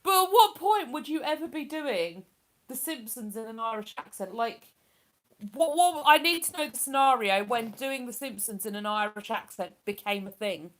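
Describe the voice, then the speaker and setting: Woman, live-stream host; slightly high, chatty, rambling delivery full of fillers. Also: expressive, moderate pace. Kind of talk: casual live-stream chat, reading viewer comments.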